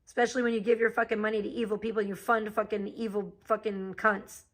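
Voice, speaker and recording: A woman's voice: mid-range voice, little pitch movement, fast, a bit bright, rough recording. A woman live streamer ranting to her chat in a heated, profane, confrontational way. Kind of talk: angry live-stream rant.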